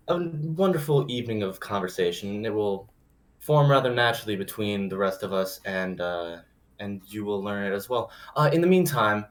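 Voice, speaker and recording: A man playing a tabletop game, speaking in formal, flowery courtly phrasing as his character. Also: on the low side. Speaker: player. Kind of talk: in-character role-play.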